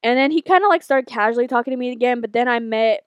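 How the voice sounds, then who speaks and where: A woman's voice: fairly high pitch, fast, clear, resonant tone, no room sound. A young woman co-hosting a podcast, telling a long rambling story in casual, profane chat. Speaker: podcast co-host.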